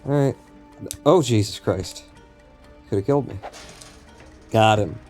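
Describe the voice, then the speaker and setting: A man's voice: lowish voice, unhurried, darkish tone, soft background music. A man streaming a game live, talking to himself and the game in a rambling, profane way. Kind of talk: live gameplay commentary.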